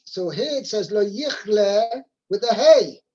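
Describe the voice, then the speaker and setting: A man teaching a weekly Torah portion over a video call, halting with fillers and restarts as he quotes Hebrew verses. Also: sits high, lively intonation, a little mellow, slight background noise. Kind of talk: explaining a weekly Torah text. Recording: muffled video call audio.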